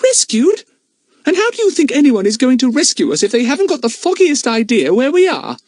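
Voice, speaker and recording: A man voicing a bossy, squeamish young girl who talks in a shrill, scornful way. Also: wildly swooping pitch, a little fast, a little mellow, no echo, clean studio sound, full character voice.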